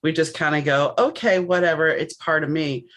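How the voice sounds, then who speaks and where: A woman from New Orleans hosting a podcast, chatting in a reflective, animated way. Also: low voice, normal speed. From New Orleans, USA. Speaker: podcast host. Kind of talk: casual interview chat.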